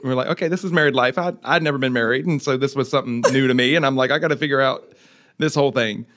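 A man's voice: medium pitch, quick pace, a bit bright. A middle-aged man, a podcast guest, chatting in an easygoing way and laughing readily. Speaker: guest, host's husband. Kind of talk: casual chat.

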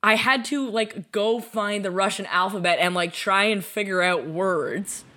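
A young woman co-hosting a podcast, telling a story in casual chat, animated and laughing, acting out the lines of people she quotes. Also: medium pitch, measured pace. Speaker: podcast co-host.

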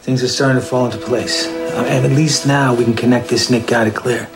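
An actor playing a man who helps piece together a murder case in a film drama, with a flat, wry delivery. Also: mid-range voice, a little fast, music in the background, close to an everyday voice. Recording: film clip with score underneath.

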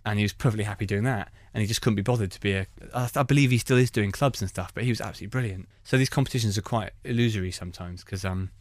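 Comedian guy rattling off stories quick, lowish voice, dry close sound. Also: dry recording. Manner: animated storytelling. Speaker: stand-up comedian. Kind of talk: conversational anecdotes.

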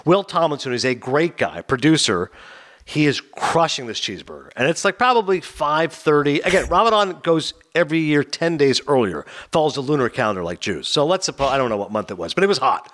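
A man co-hosting a casual podcast, quick and chatty. His voice sits a little high and swings up and down a lot as he tells stories. He slips into the voices of the people in his tales. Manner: animated storyteller, acts out quoted voices. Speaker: podcast co-host. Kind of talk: casual chat.

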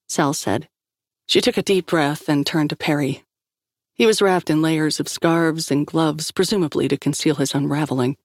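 A woman narrating a story in a steady, measured reading. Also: deep voice, dry recording, clean studio sound. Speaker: audiobook narrator. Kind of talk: scripted narration.

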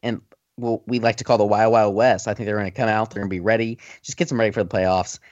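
Low-ish guy rambling about his team on a podcast, dull muffled mic, dead dry sound. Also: steady tone, fast talker, no room sound. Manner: rambling, lots of fillers. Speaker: podcast co-host. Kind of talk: casual sports chat. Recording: dull lo-fi audio.

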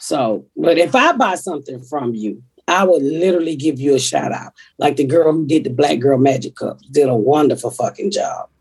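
A woman's voice: sits low, expressive, moderate pace, few pauses, a little mellow, slightly rough. A woman hosting a podcast, talking in a blunt, profane, rambling way. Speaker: comedian podcast host. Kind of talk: casual podcast chat.

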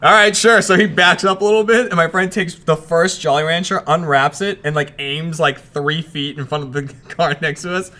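Male podcast co-host, bright tone, laughing casual storyteller. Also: fairly high pitch, steady tone, normal speed, hardly any pauses. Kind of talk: casual chat.

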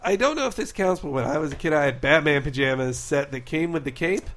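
A man's voice: on the high side, lively intonation, fairly bright tone. Rambling man co-hosting a podcast. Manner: rambling, filler-heavy, quick asides. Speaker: podcast co-host. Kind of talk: casual chat.

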